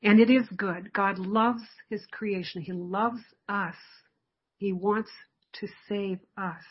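A woman giving a sermon in an earnest, reflective way, pausing often and laughing softly now and then. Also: medium pitch, steady tone, breathy edge, lo-fi sound. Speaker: preacher.

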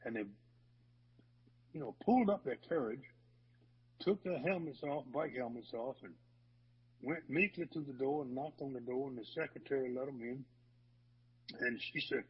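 Man, pastor, husky voice, folksy and rambling sermon, dull lo-fi recording, long hall echo. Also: medium pitch, expressive, moderate pace, long pauses. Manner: folksy, rambling, many restarts. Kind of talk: sermon with storytelling.

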